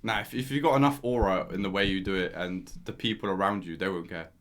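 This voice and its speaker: A young man co-hosting a podcast, arguing his point eagerly with quick restarts and stumbles. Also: low-pitched. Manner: animated, argumentative, stumbling restarts. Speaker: podcast co-host. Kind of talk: casual chat.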